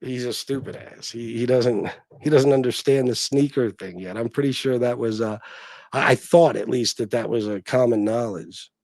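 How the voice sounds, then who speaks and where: A man's voice: medium pitch, moderate pace, darkish tone, dry recording, studio quality. A man hosting a casual livestream, talking bluntly and crudely and rambling with lots of fillers. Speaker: livestream host.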